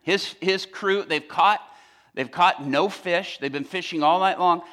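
A man preaching a sermon, telling its story with animated humor. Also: high voice, a little slow.

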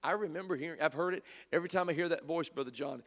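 A male preacher delivering a sermon, swinging between loud fervor and hushed softness and repeating phrases. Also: a little high, racing. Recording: long hall reverb.

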